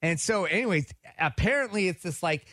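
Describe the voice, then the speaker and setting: A man telling a story on morning radio. His voice sits high and leaps all over as he acts out each quoted line. The studio sound is dry and close. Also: animated, a little fast, a bit bright, dry recording. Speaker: radio co-host.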